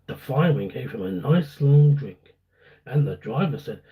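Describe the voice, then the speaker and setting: A man narrating a children's storybook aloud on a livestream, unhurried and animated. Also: medium pitch, narrow, tinny audio.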